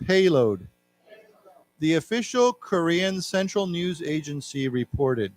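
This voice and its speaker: Male English teacher at a library talk, slightly high-pitched, explains words and has the class repeat them. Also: expressive, moderate pace, no echo. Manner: explains word meanings, leads class repetition. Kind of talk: live English lesson for learners. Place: library lecture room.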